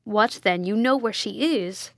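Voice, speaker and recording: A woman's voice: medium pitch, measured pace, dry recording, clean studio sound, close to an everyday voice. A woman voicing an imperious, cruel medieval prince in a Gothic audiobook reading, curt and commanding.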